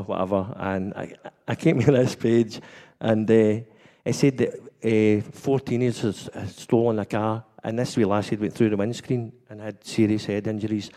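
A man's voice: lowish voice, warm tone. A Scottish man giving a personal testimony in church, telling his story in a chatty way and laughing often. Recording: long hall reverb.

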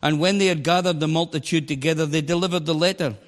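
A man preaching a sermon, animated and storytelling, sometimes bursting into a shout. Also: a little high, fast. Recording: long hall reverb.

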